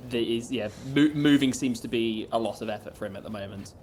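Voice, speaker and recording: A man's voice: mid-range voice, fairly quick, a little mellow, a little hiss or hum. A man playing a tabletop game, hesitantly describing what his character does. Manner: hesitant, filler-heavy. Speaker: player.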